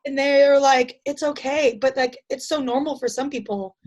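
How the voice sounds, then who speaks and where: A young woman with a high voice talks in a relaxed, chatty way. She is an interview guest telling stories and drops "like" into most of her sentences. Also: normal speed, lo-fi sound. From United States. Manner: chatty storytelling, frequent "like" fillers. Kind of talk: casual conversation.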